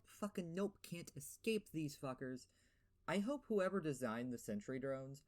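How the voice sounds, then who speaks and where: A man's voice: medium pitch, a little mellow. Sarcastic man with a lisp. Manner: sarcastic, profane ranting with fillers. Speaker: gaming video host. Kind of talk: game review voiceover.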